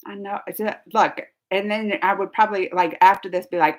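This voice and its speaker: A woman's voice: mid-range voice, fairly even intonation, fairly quick. A woman hosting a casual live chat, talking in a chatty, rambling way and filling her sentences with "like.". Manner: chatty and rambling, says "like" a lot. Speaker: live-stream host reading chat.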